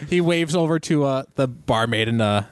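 A man's voice: expressive, moderate pace, natural voice. A man voicing a cheerful, overly polite pale young man in a tabletop game. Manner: bubbly, apologetic, high-pitched.

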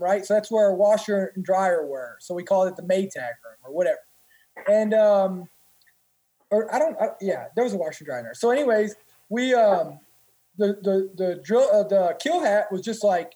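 A man's voice: sits high, animated, normal speed, mellow, breathy edge, rough recording. A man, a former Marine and guest, telling stories casually in a rambling, profane way. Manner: rambling, profane, many restarts. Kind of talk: casual storytelling.

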